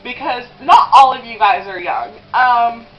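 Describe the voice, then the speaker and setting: A young woman in her twenties rambles through a confessional vlog while eating, leaning on "um" and "like" and close to tears at times. Her voice sits a little high. The home video sound is a bit muffled, with faint music underneath. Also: expressive, a little slow. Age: 20s. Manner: rambling, with many "um" and "like" fillers. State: tearful at times. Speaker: vlogger.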